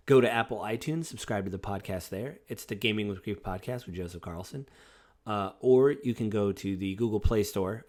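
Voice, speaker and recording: Man in his forties, podcast host, somewhat low voice, rambling reflective monologue. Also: darkish tone. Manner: reflective, rambling, with many fillers.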